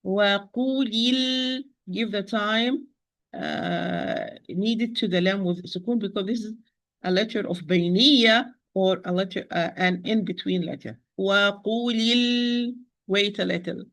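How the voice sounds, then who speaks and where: A woman teaching Quran recitation in an online lesson, patiently repeating words slowly to demonstrate pronunciation. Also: medium pitch, fairly even intonation, fairly bright tone, low-quality recording. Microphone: computer, teaching over a shared screen.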